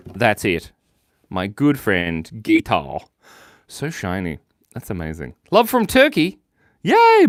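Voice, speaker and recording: Young guy streaming and drawing, super animated up-and-down voice, chatty and playful, dry close sound. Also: lowish voice, dry recording. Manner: playful, chatty, reads viewer comments aloud. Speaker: livestream host drawing for viewers. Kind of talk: casual live-stream chat.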